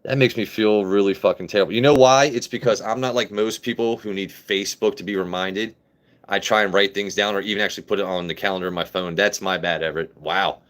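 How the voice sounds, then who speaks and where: A man in his late thirties from Maryland, talking casually into his phone during a live stream. His voice sits a little low, and he rambles, jokes and swears freely as he reads out viewer comments. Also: steady tone, quick pace, a bit bright. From Maryland, USA. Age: 30s. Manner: loose, profane, joking banter with chat.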